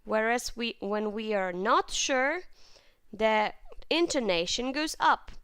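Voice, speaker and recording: A woman teaching English grammar in a clear, patient way, with lively intonation and plenty of example sentences. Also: on the high side, slow, no echo. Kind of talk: grammar lesson.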